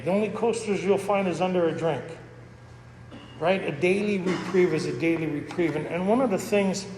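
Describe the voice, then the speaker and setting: A man's voice: fairly high pitch, a little mellow. A middle-aged man giving a candid, rambling personal testimony as a recovery meeting speaker. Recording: echoey hall with faint noise.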